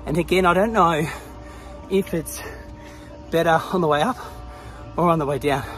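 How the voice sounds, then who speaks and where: A man with a fairly high voice talks through a casual travel vlog outdoors, recorded on a handheld camera. He is chatty, laughs often and exclaims as he goes, and he is out of breath from the climb. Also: normal speed, fairly bright tone, faint music behind. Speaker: travel vlogger. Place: outdoors at a hilltop pyramid site.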